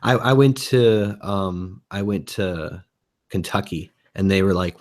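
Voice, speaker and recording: A man's voice: low-pitched, slow pace. A man from Michigan with a Michigan accent, a guest in a casual chat, laughing often and hedging with fillers. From Michigan, USA.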